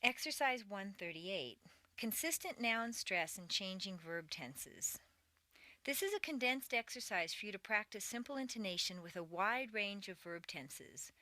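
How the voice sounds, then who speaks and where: A woman reading a scripted English pronunciation lesson, with clear, deliberate speech and exaggerated intonation in the drills. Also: medium pitch, animated, bright, forceful tone, dry recording. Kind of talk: scripted audio lesson narration.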